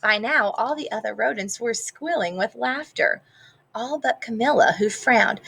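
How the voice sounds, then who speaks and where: A woman teacher reading a picture book aloud to her class, expressive, pausing to ask the children questions. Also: fairly high pitch, creaky, breathy edge, low-quality recording.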